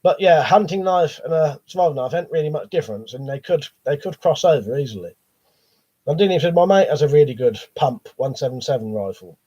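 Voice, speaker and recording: Guy with a cold on a live stream, swears a lot, lots of ums, a bit higher voice, dull lo-fi audio. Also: lively intonation, brisk, warm tone, breathy edge. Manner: rambling, sweary, hesitant with many ums. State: has a cold, coughing. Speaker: live stream host reading viewer chat. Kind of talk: casual live stream chat.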